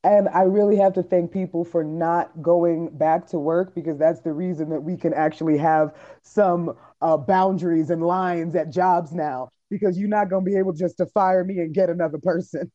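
Podcast host, woman in her 30s, candid and profane, warm dark tone, slightly dull sound. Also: fairly low pitch, fairly even intonation, normal speed. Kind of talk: casual chat.

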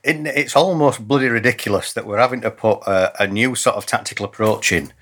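A man's voice: mid-range voice, fairly quick, a bit bright, a little hiss or hum. A man, a senior police officer, talking earnestly as an interview guest, often restarting and repeating words as he thinks. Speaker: police chief superintendent, guest. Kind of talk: conversational interview.

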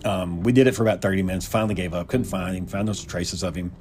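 A man's voice: sits low, quick pace, music in the background. A man casually telling a personal story in a loose, profane way, often repeating words.

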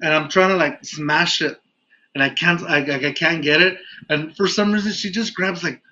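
On a laid-back podcast, a man from Texas tells a meandering story full of "like"s and laughs. His voice leans high, bright and forceful, moving at normal speed. The lo-fi audio sounds dull, with faint ambient noise beneath it.

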